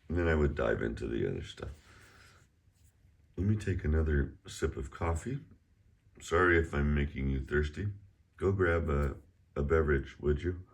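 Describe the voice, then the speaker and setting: A middle-aged man with an extremely low, vocal-fry voice runs a casual Chinese class online from home. Chatty and easily sidetracked into rambling asides, he belts out exaggerated tones when drilling pronunciation.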